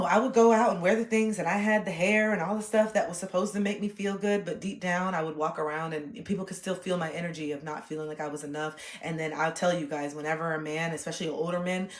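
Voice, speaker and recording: A woman streamer telling personal stories frankly, swearing, dropping to hushed reflection and then bursting into loud laughing re-enactments. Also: on the low side. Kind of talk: candid personal storytelling. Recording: echoey room.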